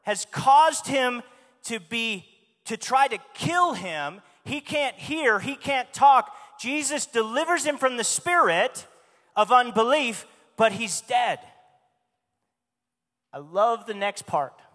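A man's voice: very high voice, expressive, takes it slowly, fairly bright tone. A man preaching a sermon in a church, speaking emphatically and asking the congregation questions. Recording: long hall reverb.

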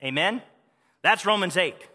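A man's voice: sits high, animated, a little slow, bright, forceful tone, long reverb tail. A man preaching a sermon with fervent, repetitive emphasis. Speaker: pastor.

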